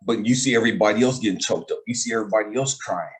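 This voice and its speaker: A man's voice: on the low side, rapid-fire. A man hosting a casual talk as a life coach, speaking emphatically in a streetwise way and often asking if he's understood. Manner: emphatic, streetwise, repeats "you know what I mean".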